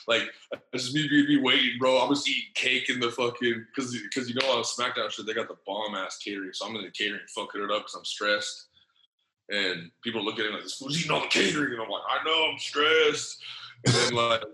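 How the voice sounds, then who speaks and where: A man's voice: lowish voice, sharp tone, echoey room, poor audio. A man telling a long story in casual, slangy, profane speech, full of fillers and acted-out lines of other people. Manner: acts out other people's lines in changed voices.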